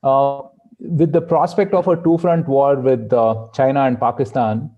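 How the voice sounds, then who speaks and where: Podcast host with dull muffled sound. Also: male voice, medium pitch, steady tone, measured pace. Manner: hesitant, fillers. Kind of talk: interview questions.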